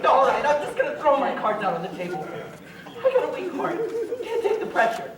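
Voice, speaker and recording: An actor playing a fretful, blustering producer who complains of a weak heart. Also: male voice, very high voice, huge pitch swings, fairly quick, over a noisy crowd, very noisy, heavily acted. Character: anxious male producer with a weak heart, fussy. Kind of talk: live stage musical acting. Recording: echoey hall with loud music, distant.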